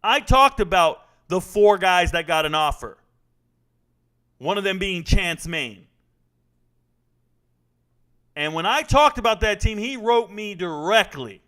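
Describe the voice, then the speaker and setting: A man hosting a live stream, answering chat questions about college football in a brash, animated way, arguing with viewers. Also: high-pitched, slow, long pauses. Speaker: livestream host answering chat.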